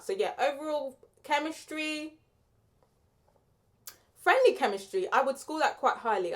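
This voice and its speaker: A woman's voice: mid-range voice, fairly bright tone. A young woman giving a casual, opinionated spoken film review, chatty and full of "like" and "um".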